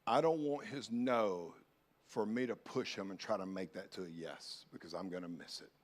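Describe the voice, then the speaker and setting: A male pastor preaching a sermon, dropping to soft, close pleas and then rising to loud, urgent calls. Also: on the low side, moderate pace. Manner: swings from hushed pleading to loud urgent calls.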